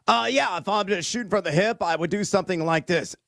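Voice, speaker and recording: A man's voice: sits high, fast, creaky, a bit bright, no room sound. A man appearing as a guest betting analyst, playful and hammy, running through stats for his picks. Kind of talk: casual live show chat.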